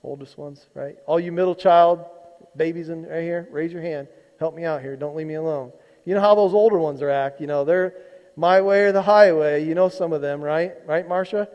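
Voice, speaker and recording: A man preaches in a loose, conversational way, poking fun at his listeners as he retells a scripture passage. His voice sits high for a man. The sound carries the long echo of a church sanctuary. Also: moderate pace, dull audio. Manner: conversational preaching, teasing the congregation. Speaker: pastor. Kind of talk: sermon.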